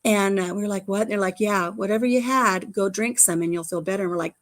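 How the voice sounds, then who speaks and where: A woman's voice: mid-range voice, steady tone, quick pace, hardly any pauses. A middle-aged woman hosting a livestream, chatting casually, telling stories and answering the live chat. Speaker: livestream host.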